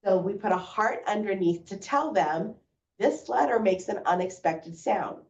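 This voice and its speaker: A woman teacher explaining reading lessons to parents in a clear, patient way. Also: mid-range voice, expressive, measured pace, darkish tone. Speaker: first grade teacher. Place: school room presenting to parents. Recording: roomy, distant, dull sound.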